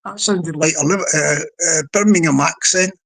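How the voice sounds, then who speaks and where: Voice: mid-range voice, normal speed, gravelly, fairly bright tone. A live-stream host, chatting casually to a small online audience in a rambling way, often restarting sentences.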